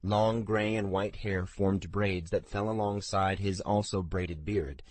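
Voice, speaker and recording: A man narrating a fantasy audiobook in a measured, steady storytelling manner. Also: low-pitched, no room sound.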